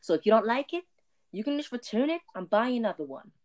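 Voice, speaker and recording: A man's voice: very high-pitched, very animated, fast, a crowd in the background, voice pushed up. Fields: Figure: a man playing a rambling male inventor. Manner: eager. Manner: rambling, repeats "innovative". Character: overeager male inventor pitching a gadget.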